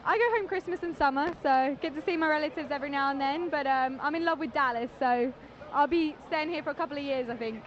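A woman's voice: high-pitched, quick pace, lo-fi sound. A woman in her twenties with an English accent, chatting cheerfully as she is interviewed outdoors. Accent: English, Cambridge area. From England. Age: 20s. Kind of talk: casual chat. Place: outdoors at a crowded event.

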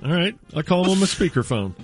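A man's voice: sits high, sing-song, fast talker. A man hosting morning radio in a teasing, argumentative studio banter. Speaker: radio show host.

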